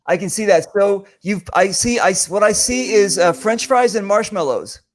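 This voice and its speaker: A man's voice: sits high, expressive, normal speed. A man hosting a casual video call cooking chat, upbeat and chatty, often repeating himself. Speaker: host.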